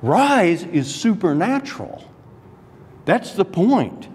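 A man's voice: high voice, sing-song, darkish tone, slightly rough. A man teaching Scripture in a sermon, explaining a passage point by point with emphatic rises. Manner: deliberate expository preaching with emphatic rises. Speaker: Bible teacher. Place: church sanctuary. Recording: long church hall reverb.

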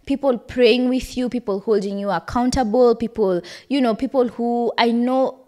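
A woman's voice: fairly high pitch, steady tone, moderate pace, mellow. A young woman hosting a podcast, giving candid, conversational advice with an emotional edge. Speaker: podcast host. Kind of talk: personal advice talk.

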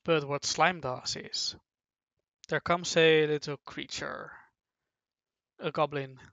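A commentator drawing while talking, rambling along playfully and stopping often to restart. The pace is very slow and the voice has some gravel in it. The recording is dull and dry. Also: mid-range voice, fairly even intonation, fairly bright tone, no echo.

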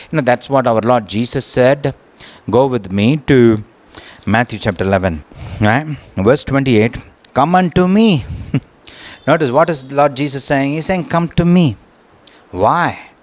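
A male pastor preaching a sermon, often asking "right?" and repeating words as he goes. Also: medium pitch.

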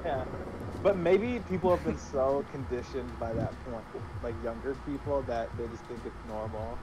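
A man's voice: medium pitch, moderate pace, noisy background. A man chatting casually while playing a game, joking and laughing often, recorded on his phone. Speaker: player. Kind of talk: casual gaming chat.

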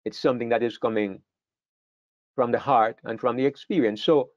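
A man's voice: medium pitch, fairly even intonation, moderate pace, no room sound, dull audio. An older man teaches a Bible class in an earnest way, often repeating words as he thinks.

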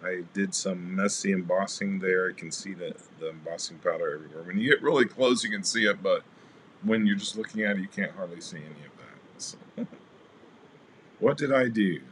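A man's voice: low voice, a little fast, slight background noise. A man hosting a casual crafting livestream, chatting with viewers and greeting them by name as he shows his cards. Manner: relaxed, rambling with fillers.

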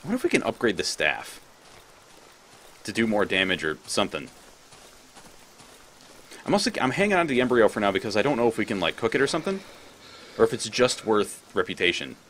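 A man's voice: lowish voice, sing-song, brisk, long pauses, a bit bright, a little hiss or hum. Rambling, swearing let's-play man. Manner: rambling, swears freely, thinks aloud. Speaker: gameplay commentator.

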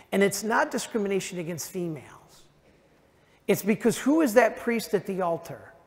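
A priest preaching with emphatic weight, his voice high for a man and delivered at an unhurried pace. The sound carries the long reverb of a big church hall. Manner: emphatic preaching, slows down for key lines. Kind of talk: sermon at a parish retreat. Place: large church.

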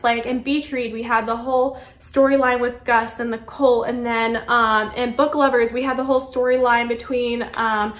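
A woman's voice: high-pitched, reverberant. A woman chatting casually through a monthly book wrap-up at home, gushing and saying "like" a lot. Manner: chatty, gushing, heavy use of "like". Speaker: book reviewer. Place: room at home during a power cut, daylight fading.

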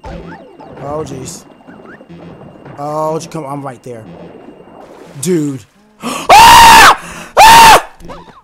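A man giving excitable let's play commentary on a video game, chatty and prone to shouting when thrilled. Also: fairly high pitch, extremely slow, pauses often, noisy background. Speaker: gaming YouTuber. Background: faint game music.

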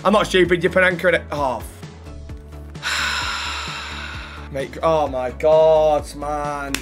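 A young man with a high voice trash-talks his friend over a football video game. He shouts, whoops and gloats loudly. Soft music plays behind him. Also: fairly even intonation, takes it slowly. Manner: loud, boastful, shouts and whoops often. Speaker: gaming YouTuber. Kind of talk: excitable gaming banter.

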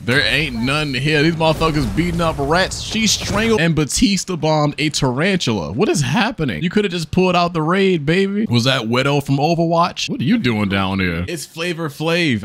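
Lively joking young gamer man. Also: a little high, normal speed, few pauses, no echo. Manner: profane, joking, talks to viewers. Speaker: gaming YouTuber. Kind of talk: casual gameplay commentary.

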